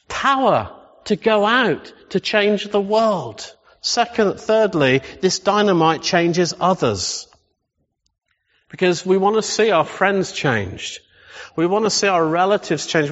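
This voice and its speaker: A man preaching a sermon, emphatic and full of rhetorical questions. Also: high voice. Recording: echoey hall, slightly dull sound.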